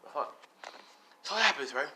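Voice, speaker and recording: Man, rambling casual storyteller, lots of fillers, lively swinging pitch, improvised fan fiction. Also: moderate pace, a little hiss or hum. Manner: rambling, full of "you know" and "like".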